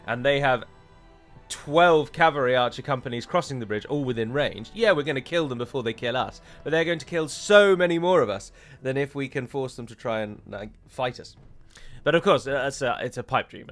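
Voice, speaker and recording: A man's voice: medium pitch, fairly bright tone. A British man giving chatty live commentary as he plays a strategy game, breaking into mock-heroic pronouncements. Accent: British English. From United Kingdom.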